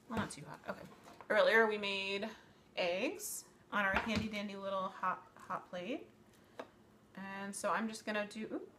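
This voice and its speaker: A woman's voice: medium pitch, a bit bright, a little hiss or hum. A woman in her thirties hosting a live cooking demonstration from her home kitchen. She talks in a chatty, rambling way, often correcting herself mid-sentence, and her voice sounds slightly worn.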